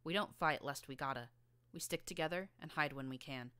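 A woman voicing a tough, streetwise young filly gang leader with a rough rural drawl and a blunt, slangy manner. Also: low voice, brisk, a bit bright, no room sound.

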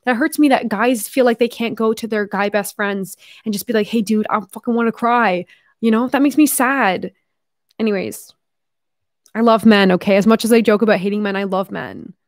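A young Canadian woman talks casually to her viewers, rambling and dropping fillers as she goes. Her medium-pitched voice sounds close and dry, with no room around it. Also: moderate pace, no echo. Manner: chatty, rambling, heavy use of fillers and "like". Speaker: YouTuber opening fan mail. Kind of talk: casual vlog chat.

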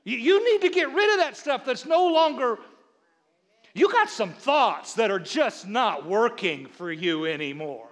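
A man's voice: extremely high pitch, measured pace. A middle-aged man preaching a sermon, telling funny stories about his wife and acting out her lines, often repeating words as he builds up. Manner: animated, repeats words, acts out his wife's voice. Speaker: pastor. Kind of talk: sermon with humorous storytelling. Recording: long reverb of a large hall.

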